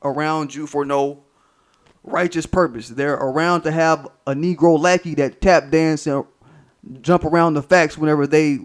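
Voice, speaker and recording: An American man hosting a commentary channel, delivering a political monologue in an emphatic, profane, repetitive and preachy way. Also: on the high side. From United States.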